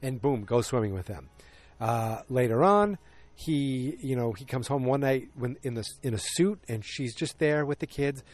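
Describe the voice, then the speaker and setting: A man talking through a casual solo podcast recap at a mid-range pitch. He rambles, corrects himself often and fills pauses with ums and uhs. Every so often he breaks in with a loud, excited exclamation. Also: soft background music. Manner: rambling, self-correcting storyteller with frequent fillers; animated, exclamatory asides. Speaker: podcast host.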